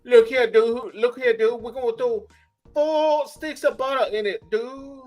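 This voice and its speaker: A man's voice: very high-pitched, steady tone, unhurried, darkish tone, faint music behind, pitched above the performer's own voice. A man imitating a brash, gimmicky showman pitmaster who keeps repeating "dude" in an exaggerated drawl. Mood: hamming.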